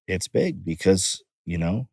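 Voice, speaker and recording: Deep-voiced blunt male guest. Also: unhurried, vocal fry, warm tone, breathy edge, dry recording. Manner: blunt, profane, frequent "you know". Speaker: firefighter guest. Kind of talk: casual conversation. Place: outdoors.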